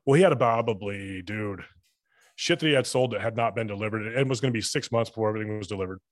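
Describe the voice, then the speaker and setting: A man's voice: fairly low pitch, fast, no echo. A man chatting as a podcast guest, telling rambling, profane stories and acting out dialogue. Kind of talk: casual storytelling chat.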